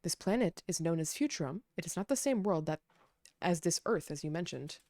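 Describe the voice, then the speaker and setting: A woman voicing a weary, solemn old man while reading game dialogue aloud in a slow, heavy way. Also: lowish voice, lively intonation, mellow, dry recording.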